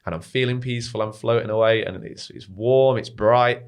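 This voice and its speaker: A young man, a podcast guest telling a personal story in a casual, animated way, peppered with "mate" and swearing. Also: medium pitch, moderate pace, clear, resonant tone.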